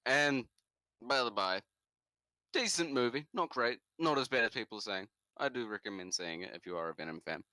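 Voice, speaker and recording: Young NZ man, podcast co-host, animated storyteller with a bright, dry-recorded voice. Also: moderate pace, no echo. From New Zealand. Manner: animated, jumps into high shouts for quoted lines. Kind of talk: casual storytelling.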